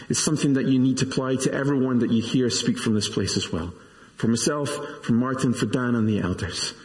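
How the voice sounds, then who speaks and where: A man in his forties, a pastor preaching a sermon in an earnest, measured way with self-deprecating asides. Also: medium pitch. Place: church. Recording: reverberant church hall.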